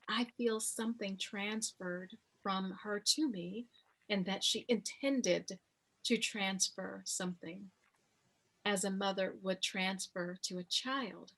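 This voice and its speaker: A woman in her fifties, an author interviewed about her memoir, telling her story slowly and reflectively with many pauses. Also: medium pitch, a bit bright. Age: 50s.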